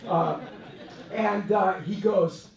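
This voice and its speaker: Man from Hawaii addressing staff, slightly high voice, a lively and chatty storyteller, heard from afar in an echoey room. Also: extremely slow, vocal fry, distant mic, some chatter behind. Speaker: company president. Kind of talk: storytelling speech to employees.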